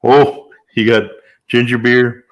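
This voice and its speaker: A man's voice: medium pitch, steady tone, slow pace. An older man hosting a casual live stream, greeting viewers by name in an upbeat way with the odd whoop. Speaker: livestream host.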